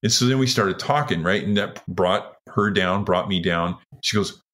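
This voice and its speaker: A retired firefighter in his sixties from Washington State tells his story earnestly in an interview, acting out what other people said. His voice is low and fairly bright, and he speaks at a moderate pace.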